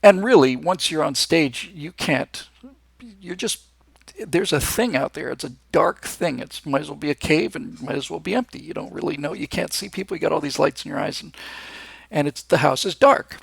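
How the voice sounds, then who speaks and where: A man's voice: on the high side, expressive, moderate pace, gravelly, fairly bright tone, breathy edge, no echo. A man hosting a live show, talking in a casual, enthusiastic and rambling monologue, with frequent restarts. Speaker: host.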